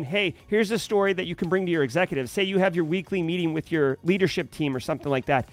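A man's voice: high-pitched, no echo. A man with a Boston accent hosting a daily cybersecurity livestream, chatting casually with many fillers and greeting viewers from chat. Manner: conversational, many fillers, reads chat aloud.

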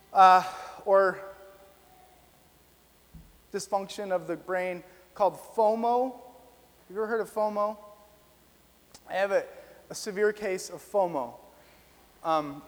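A man with a very high, light voice preaches to a congregation. He tells stories in a chatty, animated way, full of little fillers. His voice rings out with a long reverb from the hall. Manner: animated storytelling, lots of fillers. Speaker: pastor. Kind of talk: sermon. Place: church hall, live audience.

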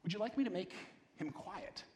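A man voicing a calm, insistent male angel, read aloud in a sermon. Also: high voice, normal speed, voice pushed up. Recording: long reverb of a large hall.

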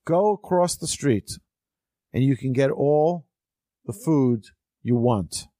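A man's voice: medium pitch, animated, unhurried, a little mellow, no echo. A sly, cruel miser, as a man puts him on gives curt, scheming orders in an everyday male voice. The sound is dry and close, with no room around it.

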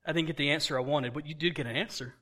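A man preaching a sermon, animated, acting out dialogue and laughing often, dropping to a quiet voice for emphasis. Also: a little high, very fast. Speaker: pastor.

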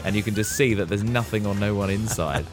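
A man's voice: on the low side, quick pace, music in the background. A man co-hosting a podcast, telling a film's action scenes step by step in casual chat. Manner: animated storyteller, recounts scenes step by step. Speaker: podcast co-host. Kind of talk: casual film recap chat.

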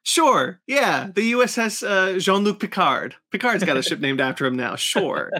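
High-sitting, sing-song and sharp in tone, a man talks at normal speed on his podcast. The casual review chat is strongly opinionated and packed with fillers and false starts.

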